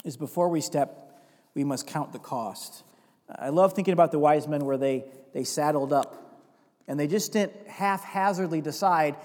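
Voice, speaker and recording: A man delivers a sermon in a noticeably high voice, swelling into emphatic, repetitive runs before sinking into quiet, confessional asides. He reads scripture aloud between points. The sound carries a long hall reverb around him. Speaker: pastor.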